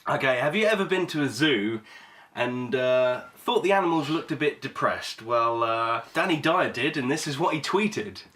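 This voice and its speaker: A man's voice: mid-range voice, expressive, normal speed, fairly bright tone. Giggly man hosting a podcast. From United Kingdom. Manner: giggly, hesitant, with many fillers. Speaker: podcast co-host. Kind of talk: casual banter.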